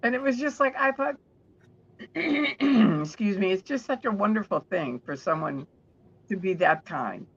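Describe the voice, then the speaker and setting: A woman guest telling stories in an interview, chatty and warm, often restarting her sentences. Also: mid-range voice, animated, a little slow, husky, muffled recording.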